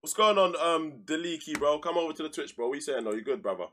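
A man's voice: fairly high pitch, animated, fast talker, slight background noise. Slangy young man commentating a game. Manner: heated, slangy, shouts at players then mutters. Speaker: streamer playing a football manager game. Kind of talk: casual live game commentary.

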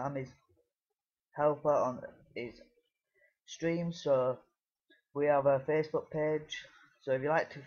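A man's voice: a little high, muffled recording. A British man giving casual gameplay commentary, rambling with many fillers and restarts. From United Kingdom. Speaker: gaming video creator.

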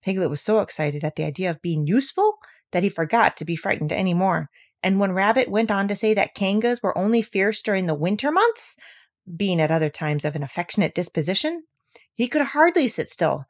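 A woman's voice: mid-range voice, expressive, a little fast. Woman reading a children's storybook. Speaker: storybook narrator. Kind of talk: children's story read aloud.

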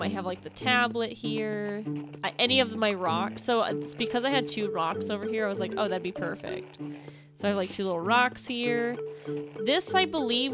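A woman giving casual, rambling commentary while playing a video game. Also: medium pitch. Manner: rambling, chatty. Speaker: gaming youtuber. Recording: game music behind.

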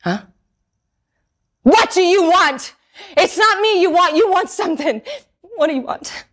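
A woman's voice: fairly low pitch, expressive, unhurried, vocal fry, exaggerated voice. An actress rehearsing a stage scene as a furious woman turning away her ex-husband, confrontational and mocking. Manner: confrontational, mocking, shouting at times.

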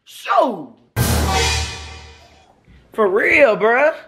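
A man's voice: very high voice, sing-song, extremely slow, over music. A young man acting in a comedy skit, talking in slang and stammering a lot. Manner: slangy, stammering, repeats "bruh". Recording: echoey room, faint noise.

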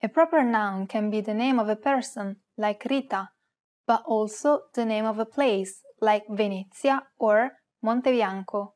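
A woman co-hosting a beginner language lesson, reading her parts clearly and carefully. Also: fairly high pitch, a little slow, a little mellow. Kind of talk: scripted lesson with example words.

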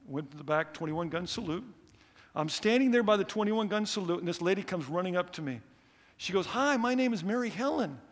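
Gravelly-voiced preacher man in an echoey hall. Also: a little high. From United States. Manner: storytelling preacher, animated and earnest. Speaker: missionary speaker. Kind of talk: sermon. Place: church hall.

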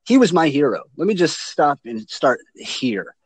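Lively crude-joking man on a dry mic. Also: on the high side, unhurried, breathy edge, dry recording, rough recording. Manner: crude joking, swears freely. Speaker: podcast co-host. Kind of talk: casual chat.

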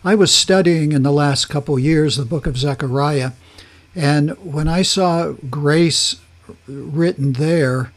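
A man teaching a verse-by-verse Bible study, reading scripture aloud and explaining word meanings, with frequent pauses and restarts. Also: medium pitch. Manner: slow and deliberate, pausing and restarting as he explains.

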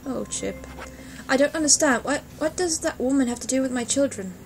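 A woman's voice: sits high, expressive, brisk. A woman voicing an anxious mother looking for her lost children, in a put-on British accent, over game music.

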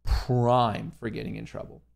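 A man's voice: mid-range voice, flat delivery, measured pace, vocal fry, a little mellow. A young man hosting a live trading stream, talking casually to himself and his viewers, muttering and swearing at the market. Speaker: livestream host, day trader.

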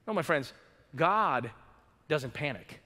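A male pastor preaching a sermon, swinging between urgent loud passages and hushed, drawn-out emphasis. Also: fairly high pitch, lively intonation, in a large hall. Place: church sanctuary.

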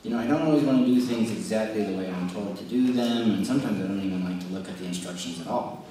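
Speaking to kids as a children's message speaker, a young man tells a rambling, casual story full of fillers. His voice is on the low side, fast and dark, captured from far off in a very echoey room with slight background noise.

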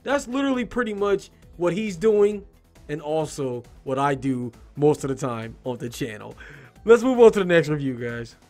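A man's voice: fairly high pitch, big pitch swings, normal speed, darkish tone, faint music behind. A man hosting a video where he reads game reviews aloud and mocks them in a sarcastic, joking way. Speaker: YouTube host. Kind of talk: reading and mocking game reviews.

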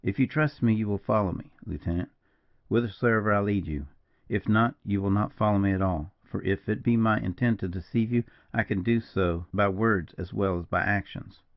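A man voicing a grave frontier partisan major who speaks slowly and mournfully, in a dull, dry recording. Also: on the low side, dry recording, lightly acted. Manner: slow, mournful, measured.

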